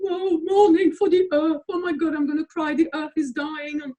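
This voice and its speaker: A woman's voice: high voice, flat delivery, moderate pace, mellow, distant mic, pitched above the performer's own voice, natural voice. A woman mocking a weepy eco-hippie. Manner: mocking, overly dramatic whimper.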